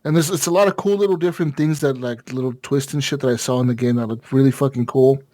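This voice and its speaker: A man's voice: medium pitch, fast talker, dark tone, dry recording. A man co-hosting a gaming podcast, rambling and swearing freely as he chats casually. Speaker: podcast co-host.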